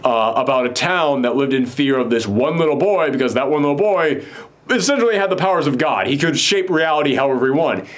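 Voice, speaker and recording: A man's voice: mid-range voice, lively intonation. A man casually recapping a TV episode with a co-host, rambling with many fillers. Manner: rambling, filler-heavy, quick mock voices for characters. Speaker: podcast co-host.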